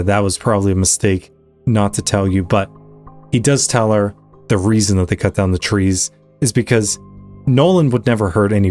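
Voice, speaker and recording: A man's voice: fairly low pitch, a little mellow. A man hosting an anime reaction channel, earnestly retelling and commenting on a story, his voice rising in emphasis at the moving parts. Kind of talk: casual recap and commentary.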